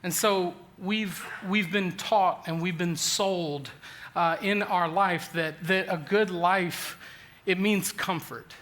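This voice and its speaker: A man in his forties delivers a sermon with a high, bright and ringing voice. He is an animated storyteller who pokes fun at himself and often restarts his sentences as he works toward his point. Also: slow. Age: 40s. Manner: animated, self-deprecating storyteller with frequent restarts. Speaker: pastor.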